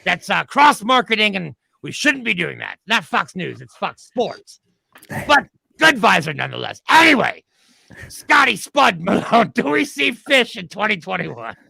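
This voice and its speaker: Brief: blustering mock TV host, bright, sharp, gravelly. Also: male voice, high-pitched, sing-song, measured pace, dry recording, exaggerated voice. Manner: loud, blustering, pushy. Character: brash adult male TV panel host. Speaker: comic news panel host. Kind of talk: comedy sketch, mock panel show.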